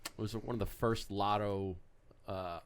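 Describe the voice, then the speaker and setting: Animated, swearing male co-host. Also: lowish voice, measured pace. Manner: animated storyteller, swears freely, acts out quotes. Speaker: podcast co-host. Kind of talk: casual chat.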